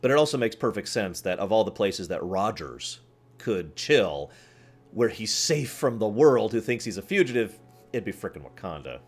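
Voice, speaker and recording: Animated low-voiced guy chatting with stream viewers, quick to laugh. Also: soft background music. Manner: rambling, animated, laughs often, quotes scenes. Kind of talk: casual chat with live chat.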